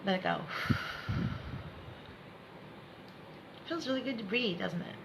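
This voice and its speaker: A woman's voice: mid-range voice, expressive, fast, vocal fry, very noisy. A woman giving a live spiritual lesson, repeating herself to encourage viewers and laughing often. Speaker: spiritual teacher.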